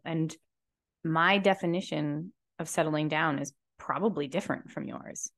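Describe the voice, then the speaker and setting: A young woman with a stuffy cold and low energy, talking to camera in a slow, reflective personal monologue with many fillers, seated indoors in a chair. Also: no room sound, clean studio sound. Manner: slow, slumped, soft-spoken musing with many fillers. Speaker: podcast host and tarot reader.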